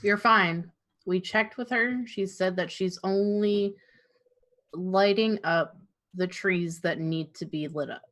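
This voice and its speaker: A woman player in a tabletop game, explaining things quickly and insistently. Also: medium pitch, fairly bright tone. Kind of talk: casual tabletop play.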